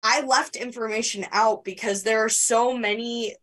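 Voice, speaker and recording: A woman's voice: a little high, fairly even intonation, normal speed, a bit bright, recorded from a distance. A woman podcast co-host chatting casually in an interview, rambling with many fillers and restarts.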